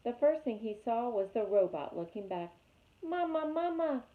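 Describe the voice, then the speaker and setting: A woman reading a chapter book aloud with lively, expressive storytelling. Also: mid-range voice, moderate pace. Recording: tinny phone-like sound.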